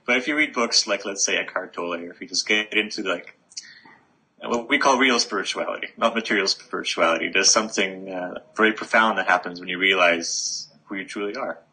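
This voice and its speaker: Deep, husky man with a bright edge. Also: brisk, low-quality recording. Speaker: guest. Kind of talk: spiritual conversation.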